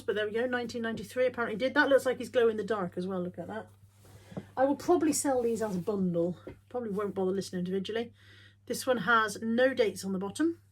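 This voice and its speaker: Woman, middle-aged, wry casual vlogger, slightly high voice. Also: breathy edge. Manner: chatty, wry, thinks out loud. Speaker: reseller showing bargain finds. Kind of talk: casual chatty vlog.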